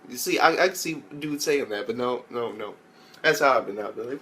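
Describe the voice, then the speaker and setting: A young anime reviewer recaps an episode in a loose, rambling way, talking fairly quickly in a middle register and swearing constantly. He keeps slipping into loud, high-pitched impressions of the characters.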